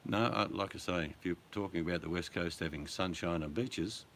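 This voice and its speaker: Older Australian man, low and bright-toned, casual rambling storyteller. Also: fairly quick, slight background noise. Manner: rambling storyteller, chuckling, loud put-on voices in anecdotes. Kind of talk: casual chat.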